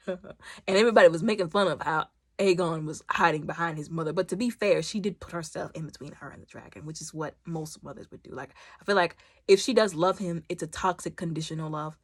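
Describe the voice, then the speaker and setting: A woman chatting casually through a TV episode recap, animated and talkative, acting out bits of the scenes. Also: deep voice, dry recording. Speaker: YouTube TV reviewer.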